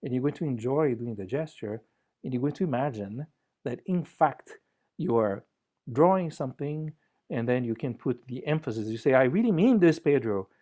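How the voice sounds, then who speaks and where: A man presents at a conference via video call, keeping things easygoing with playful humor as he gently leads the audience through exercises. His voice is medium in pitch and his pace is normal.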